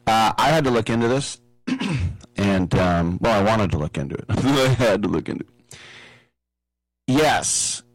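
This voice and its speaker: A man's voice: fairly low pitch, big pitch swings, unhurried, long pauses, dry recording, rough recording. A man hosting a casual radio talk show, rambling and joking with lots of fillers, on a studio microphone. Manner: rambling, jokey, with many fillers.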